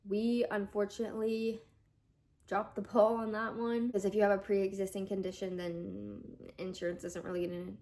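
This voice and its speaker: A woman's voice: medium pitch, flat delivery, normal speed, mellow. Young woman vlogging, chatty and emotional, says like a lot, medium voice. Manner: emotional, voice rising as she nears tears; chatty, many fillers like "like". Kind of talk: personal storytelling vlog.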